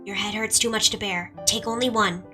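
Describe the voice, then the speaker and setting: A woman voicing a quiet, solemn young girl in a game, speaking softly and gravely. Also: mid-range voice, fairly even intonation, fairly quick, far from the mic, over music, close to an everyday voice. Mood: solemn hushed.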